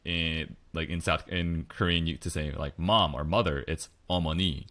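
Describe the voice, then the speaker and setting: Deep voiced young guy from the states, chill podcast co-host, kinda hedgy and apologetic. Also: moderate pace, bright, forceful tone. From United States. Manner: easygoing, hedging, apologetic. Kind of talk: casual chat.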